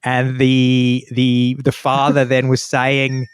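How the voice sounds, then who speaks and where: Slow and clean-toned, this podcast co-host's mid-range voice carries a casual chat. As he tells stories animatedly, he acts out the quotes of the people he mentions.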